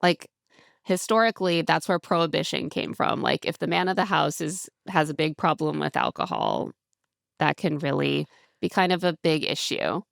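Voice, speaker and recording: A woman's voice: low-pitched, moderate pace, gravelly, no echo, studio quality. A woman co-hosting a podcast, chatting casually and animatedly as she recaps a reality show, often acting out what people said. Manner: chatty, animated retelling with quoted voices and laughs. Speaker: podcast co-host.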